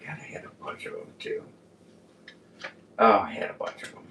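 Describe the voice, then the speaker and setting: A man co-hosting a podcast in casual chat, rambling and animated, often laughing as he tells stories. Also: normal speed, whispered. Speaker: podcast co-host. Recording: echoey room, distant mic.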